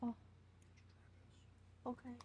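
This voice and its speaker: A woman's voice: very slow, phone-quality sound. A woman streamer chatting casually, goofy and exclamatory, often swearing and trailing off mid-sentence. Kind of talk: casual live-stream chat.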